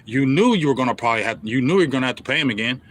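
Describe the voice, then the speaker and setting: A man's voice: medium pitch, animated, racing, a bit bright, slight background noise. A man hosting a sports show, ranting as a frustrated fan and talking straight at the team's front office. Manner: heated, repetitive, talks straight at the team bosses. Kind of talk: fan commentary rant.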